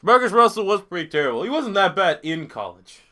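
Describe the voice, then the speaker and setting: Guy streaming a football game, bit high-pitched, bright edgy voice, swears a lot. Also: big pitch swings, brisk. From Canada. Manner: crude, profane, blunt. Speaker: gaming streamer. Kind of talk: live gameplay commentary reading chat.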